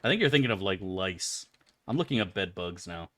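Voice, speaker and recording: A man's voice: sits low, animated, brisk, a bit bright, no echo. A man streaming a game, chatting loosely with his viewers and swearing freely. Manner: loose and rambling, swears freely, answers chat aloud. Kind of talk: casual live-stream chat.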